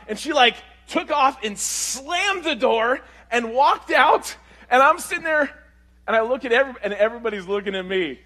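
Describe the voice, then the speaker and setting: Male pastor with a high-pitched voice, preaching through a story with lively swings from loud to quiet. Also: moderate pace. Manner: animated, swings between loud and hushed. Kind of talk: storytelling sermon.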